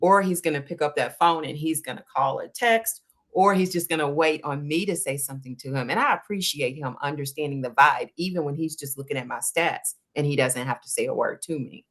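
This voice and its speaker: Speaking fairly quickly in a deep voice, a woman guest on an interview show, an endurance runner, animatedly recounts working with her running coach in a casual way, performing the quoted exchanges.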